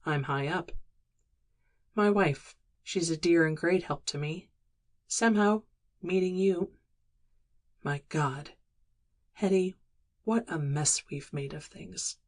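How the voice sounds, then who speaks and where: A woman's voice: lowish voice, slow, long pauses. A woman reading a remorseful, earnest man. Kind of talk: audiobook dialogue reading.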